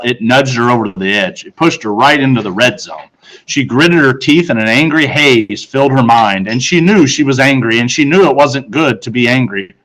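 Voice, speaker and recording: A male teacher reads a children's novel aloud. His voice sits at a middle pitch. He keeps the narration steady and quickens through the tense passages. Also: poor audio. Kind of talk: read-aloud storytelling.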